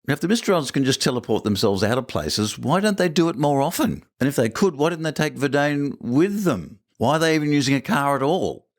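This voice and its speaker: A man's voice: a little high, sing-song, a little fast, hardly any pauses. A man hosting a podcast, reviewing an episode in a wry, joking commentary and firing off rhetorical questions. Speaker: podcast host.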